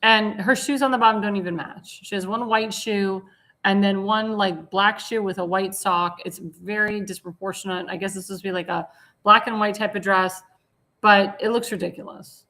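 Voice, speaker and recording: A woman's voice: medium pitch, fairly even intonation, normal speed, pushed and bright. A woman hosting a talk show, giving blunt, indignant commentary on slides and sometimes searching for words.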